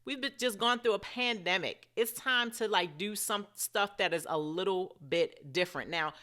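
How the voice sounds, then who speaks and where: A woman's voice: medium pitch, normal speed, bright, forceful tone. A middle-aged woman giving chatty reality TV commentary, often turning to ask her viewers what they think. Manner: chatty, asks viewers directly. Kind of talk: casual commentary vlog.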